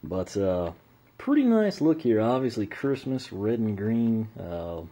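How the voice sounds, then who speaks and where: A man with an American accent, reviewing a toy in casual unboxing commentary, relaxed and rambling, and losing his voice. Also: on the low side, unhurried, slightly rough. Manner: relaxed and rambling, with frequent uh fillers.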